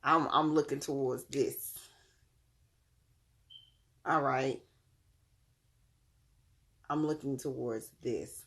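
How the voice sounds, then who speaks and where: A woman reads tarot cards straight to her viewers in an easy, animated way. Her voice carries a gravelly, creaky edge. She talks in loose slang, swears freely and breaks into laughter often. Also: extremely low pitch, drawn-out words, pauses often. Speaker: tarot reader. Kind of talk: casual tarot reading to viewers.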